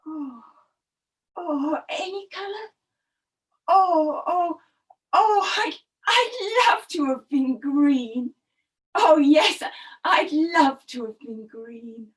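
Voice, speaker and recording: A woman's voice: high voice, very slow, pauses often, recorded from a distance. A woman voicing a kind, brave little male parrot in a children's story, gasping and crying out with urgency. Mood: wistful.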